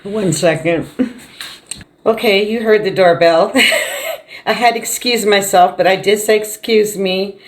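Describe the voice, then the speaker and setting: A middle-aged woman talks casually to her viewers while eating a meal at home. She chats in a relaxed, homey way, laughs often, and murmurs between mouthfuls. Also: mid-range voice, measured pace, pauses often, a little hiss or hum. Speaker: mukbang vlogger.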